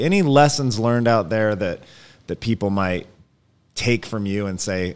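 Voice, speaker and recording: A male podcast host with a low voice leads the interview. He asks his guest long, searching questions. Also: fairly even intonation, a little slow, smooth.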